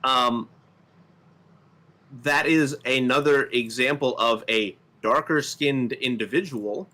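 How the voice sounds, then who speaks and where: A man from the United States speaking in a casual podcast chat, measured and explanatory, often pausing on "um". His voice is bright and clear, at a middle pitch. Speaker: podcast co-host. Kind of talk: casual political commentary.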